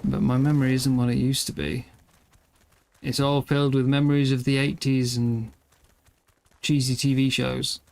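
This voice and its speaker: A tired man in his thirties rambles through a live game stream, tossing self-deprecating asides to his chat. His voice sits at an ordinary middle pitch for a man, relaxed and unpolished. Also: moderate pace, vocal fry, long pauses. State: tired, yawning. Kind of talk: casual live-stream chat while gaming.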